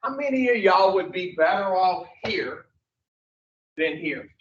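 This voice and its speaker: Animated yet unhurried, a high-pitched man counsels a recovery group with a blunt, profane lecture full of rhetorical questions. The echoey group room leaves the recording distant, muffled and dull.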